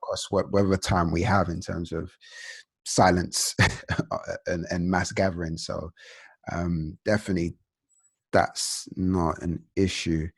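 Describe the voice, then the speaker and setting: A man's voice: low voice, little pitch movement, unhurried, gravelly, pauses often, breathy edge. A man hosting a casual interview, talking loosely with lots of slang and fillers. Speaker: podcast host.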